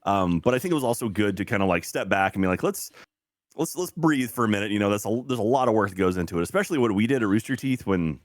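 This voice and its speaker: A man chatting as a podcast guest, reeling off stories at a quick clip. His voice sits on the low side, and he throws in lively quoted voices. The sound is dry and close, with no room around it. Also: dry recording. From United States. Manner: fast anecdotal storytelling with animated quoted voices. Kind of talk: casual podcast chat.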